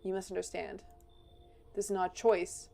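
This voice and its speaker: A cold, bureaucratic quarantine inspector, played by a woman in a game, brisk and official with no give. The voice sits dark and mellow, with a gravelly edge. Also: medium pitch, level tone, faint music behind, natural voice. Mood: curt, official.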